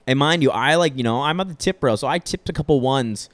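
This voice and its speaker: A man's voice: medium pitch, fast talker, dry recording. A young man telling a long story in casual chat, rambling with lots of filler words and swearing freely. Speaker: podcast storyteller.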